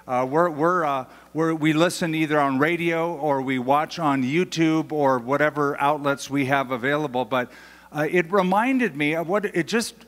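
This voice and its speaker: An older man preaches from the pulpit, his voice sitting a little high for a man as it rings through a large church hall with a long reverb. He talks to the congregation in a friendly, conversational way and slows right down on the phrases he wants to land. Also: fairly bright tone. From United States. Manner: conversational, emphatic preaching with slowed key phrases. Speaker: pastor. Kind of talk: sermon.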